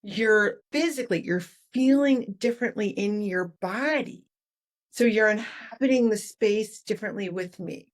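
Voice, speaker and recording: Podcast guest, female, author-consultant; explains with acted-out examples, mid-pitched voice. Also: normal speed. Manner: animated, demonstrates tones of voice while explaining. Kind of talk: podcast interview.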